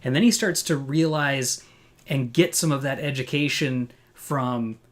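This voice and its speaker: A man's voice: mid-range voice, measured pace. A man hosting a casual live film review, talking enthusiastically with many fillers and restarts. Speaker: podcast host. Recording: live online video call.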